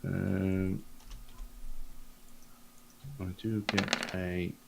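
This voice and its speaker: A man's voice: low-pitched, little pitch movement, extremely slow, gravelly, very noisy. A man playing a tabletop game, talking casually and hesitantly. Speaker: player.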